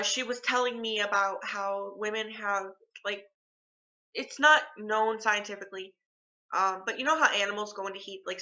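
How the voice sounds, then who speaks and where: A young woman talks to her phone camera at home in a bright, sharp voice, wandering from thought to thought with plenty of fillers. The sound is dull and lo-fi, like cheap phone audio. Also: mid-range voice. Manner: rambling, chatty, lots of filler words. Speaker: vlogger. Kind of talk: casual chat to camera.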